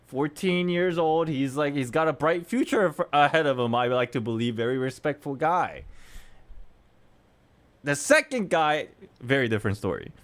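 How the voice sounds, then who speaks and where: Animated chatty man in his thirties. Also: fairly high pitch, moderate pace. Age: 30s. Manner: animated, chatty, laughs between lines. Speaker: streamer. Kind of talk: casual storytelling.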